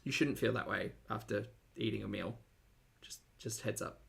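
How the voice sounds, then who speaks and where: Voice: medium pitch, moderate pace, creaky, fairly bright tone, husky. A commentary host, giving dry, mocking reaction commentary on food videos.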